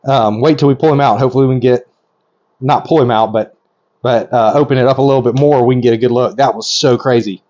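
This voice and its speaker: A middle-aged man hosting a vlog, giving hands-on commentary in an excitable, rambling way that keeps interrupting itself. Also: medium pitch, quick pace. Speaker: reptile breeder host. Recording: slightly dull lo-fi audio.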